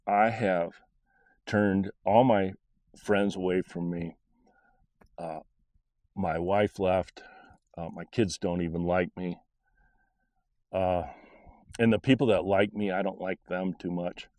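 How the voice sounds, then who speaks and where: A man's voice: low-pitched, a little slow, gravelly, pauses often, a little mellow, no echo. A middle-aged man telling a personal faith story in a rambling, earnest, conversational way. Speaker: podcast storyteller.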